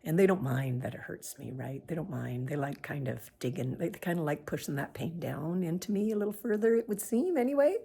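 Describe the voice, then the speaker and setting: A woman's voice: sits low, lively intonation, fairly quick, gravelly, few pauses, warm tone. A woman from Canada talking straight to camera in an earnest, pained personal monologue, sometimes dropping to a whisper. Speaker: vlogger sharing her views.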